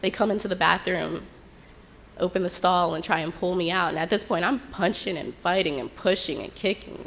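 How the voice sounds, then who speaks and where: A young woman telling a personal story in an unhurried, reflective way, acting out what others said. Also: lowish voice, gravelly, a bit bright. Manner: unhurried, reflective retelling with quoted dialogue.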